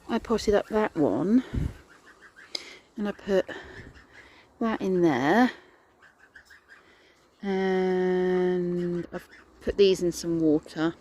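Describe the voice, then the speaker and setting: A woman's voice: lowish voice, darkish tone. A woman vlogging casually outdoors in a garden, chatting and rambling through her chores and stories. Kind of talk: casual vlog chat.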